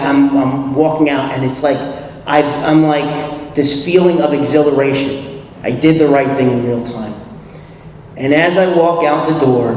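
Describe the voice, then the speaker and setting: A man with a New York accent telling his recovery story at a convention, animated, acting out dialogue and laughing often. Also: mid-range voice. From New York City. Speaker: recovery meeting speaker. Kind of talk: personal recovery story talk. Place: convention hall. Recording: echoey hall, distant mic, faint hiss.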